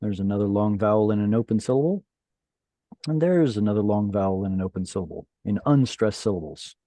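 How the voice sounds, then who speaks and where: A man's voice: lowish voice, a little fast, dark tone, dry recording. A man teaching a Hebrew class over a video call, patiently explaining and quizzing his students.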